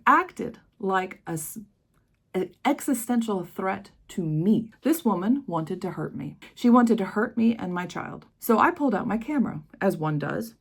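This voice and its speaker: An American woman vlogging with impassioned, emphatic force, telling a personal story straight to camera. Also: medium pitch. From United States. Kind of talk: emotional personal monologue.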